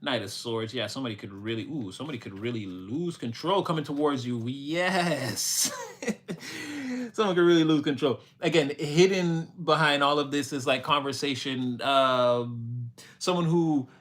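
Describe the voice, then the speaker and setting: A man's voice: medium pitch, normal speed, a bit bright. A man giving a casual, rambling tarot reading, full of fillers, laughs and playful quoted voices. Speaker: tarot reader.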